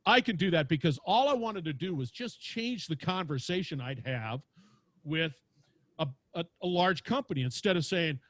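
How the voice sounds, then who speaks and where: A man with a big booming voice telling stories animatedly as a podcast guest, acting out quotes as he talks. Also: animated, moderate pace, no room sound. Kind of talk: lively storytelling interview. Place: home studio with lights.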